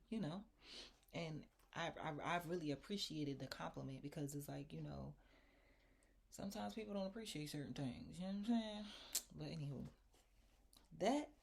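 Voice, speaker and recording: Gravelly, husky-voiced woman vlogger. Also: low-pitched. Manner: animated, laughs often, acts out quotes. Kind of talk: casual storytelling chat.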